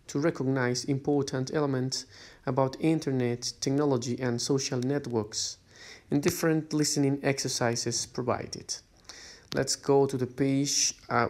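A man's voice: mid-range voice, a little mellow. A male English teacher talks through a list of workbook exercises in a plain, patient voice. He reads each instruction aloud and keeps checking in with a rising "okay?" as he moves from page to page. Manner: guides students step by step, often checks with a rising "okay?". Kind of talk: recorded lesson instructions.

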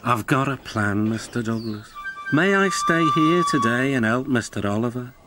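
A man's voice: mid-range voice, expressive, normal speed, loud music behind the voice, natural voice. A man voicing a loyal, polite male brake van in a storybook, formal and respectful.

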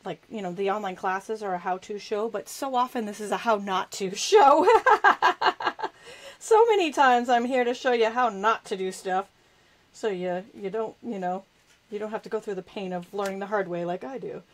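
A woman's voice: mid-range voice, normal speed, low-quality recording. Woman, craft show host, chatty, self-deprecating, laughs a lot, talks while working. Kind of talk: live crafting demonstration.

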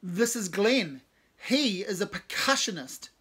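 A man voicing a booming, playful male rock star with an Australian accent, shouting out teasing commands. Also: expressive, a little slow, exaggerated voice. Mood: exuberant. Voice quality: booming, loud.

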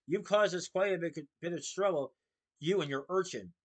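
A man's voice: high voice, moderate pace, pitched above the performer's own voice. A man voicing a smug, wicked rich villain who snarls and sneers in a read-aloud story. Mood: sneering.

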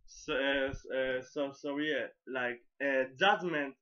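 A man's voice: medium pitch, takes it slowly, pushed and bright. A man casually recapping an anime episode, stumbling over his words with many repeats and now and then swearing. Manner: casual and profane. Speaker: anime reviewer. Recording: dull lo-fi recording.

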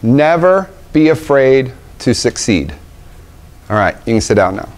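A man's voice: mid-range voice, very animated, unhurried, darkish tone, slight background noise. A man, an obstetrician, giving an emphatic motivational talk to a room of young parents, full of rhetorical questions and repetition. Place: conference room with audience.

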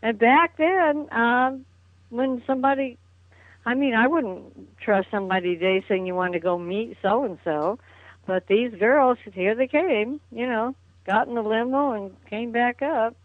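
A woman's voice: fairly high pitch, unhurried, dry recording. Chatty older woman on a tinny phone line. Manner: chatty, reminiscing, laughs often. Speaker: interview guest. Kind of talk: phone interview. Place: at home on a phone call.

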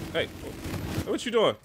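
A young man giving live, slangy, excitable commentary over his own shooter gameplay. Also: extremely high pitch, gravelly, very noisy. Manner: excitable, slangy, trash-talking. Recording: game gunfire behind the voice.

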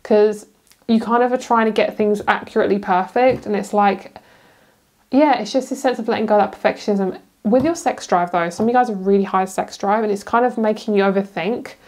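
A woman's voice: medium pitch, a little fast, a little mellow. Chatty British woman reading tarot cards. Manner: chatty, giggly, rambling with fillers. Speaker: tarot reader. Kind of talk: casual pick-a-card tarot reading.

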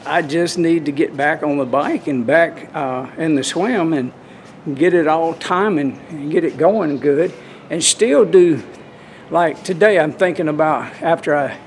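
A man's voice: fairly high pitch, measured pace, a little hiss or hum. A man, chatting casually to camera in a folksy, rambling way at a swimming pool. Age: 60s. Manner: rambling, folksy, restarts often. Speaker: vlogger.

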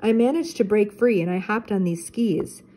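A woman reading aloud and voicing a confident young mountain local who speaks briskly and matter-of-factly. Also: mid-range voice, dark tone, slight background noise, natural voice, low-quality recording.

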